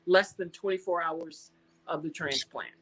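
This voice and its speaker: An American woman being interviewed, telling a personal story in a casual, animated way and acting out the dialogue she quotes. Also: sits low, a little slow, poor audio. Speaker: guest.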